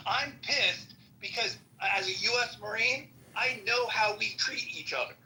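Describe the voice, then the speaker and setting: Furious high-voiced man ranting. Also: unhurried, sharp tone, low-quality recording. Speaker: chat room participant. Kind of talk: heated argument.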